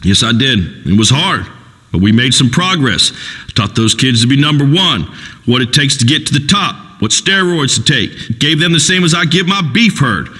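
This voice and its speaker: A man's voice: medium pitch, lively intonation, moderate pace, pushed and bright, breathy edge, big-room sound, low-quality recording. An actor playing a crude, macho rural male talk-radio host in a comedy game radio show, drawling and preachy.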